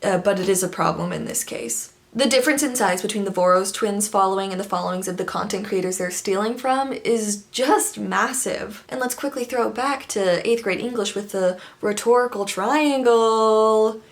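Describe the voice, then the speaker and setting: A woman in her twenties giving a sarcastic, giggly commentary vlog, with quick jokey asides. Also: medium pitch. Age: 20s. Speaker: commentary YouTuber.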